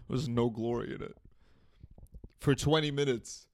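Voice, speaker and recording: With a mid-range voice, a slightly slow pace, and long pauses, this young podcast host rants casually and comedically, swearing and laughing at his own jokes. The sound comes from a studio mic running through an audio interface.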